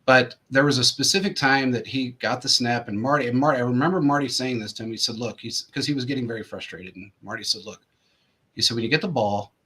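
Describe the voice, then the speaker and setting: Male host, casual storyteller, bright and raspy, meanders through anecdotes with lots of restarts. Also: medium pitch, quick pace. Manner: rambling anecdotes full of restarts and fillers. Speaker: show host.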